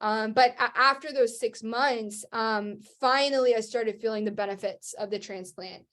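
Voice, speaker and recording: A young woman with a voice sitting a little high tells her story on an interview show. She rambles through fillers and restarts and slips into lively acted-out voices for the people she quotes. It comes across as casual and animated. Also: normal speed. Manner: animated, acts out what people said. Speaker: guest, Christian rock singer.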